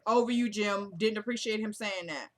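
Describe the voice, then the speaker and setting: A woman's voice: mid-range voice, normal speed. A chatty woman recapping a TV episode in casual talk, acting out the characters' lines as she goes. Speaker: recap vlogger.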